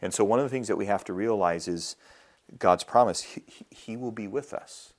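Deep-voiced male pastor, chatty sermon. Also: moderate pace. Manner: conversational storytelling, repeats words at starts.

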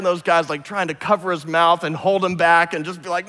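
A man preaching a sermon, retelling scripture with lively, humorous storytelling. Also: high-pitched, quick pace, long reverb tail. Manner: animated storytelling, imagines scenes aloud with humor. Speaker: pastor.

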